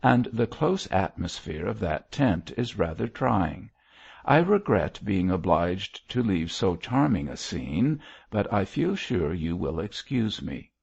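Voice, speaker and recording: A man's voice: medium pitch, big pitch swings, slow pace, creaky, darkish tone, slightly rough, lo-fi sound, pitched above the performer's own voice, heavily acted. A man voicing a suave older bishop in an audiobook, speaking politely but hurriedly. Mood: strained polite.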